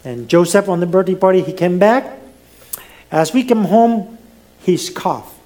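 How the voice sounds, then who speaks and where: A man's voice: high voice, expressive, measured pace, mellow. A middle-aged man preaching a sermon as pastor, swinging his voice up and down, with some non-native grammar.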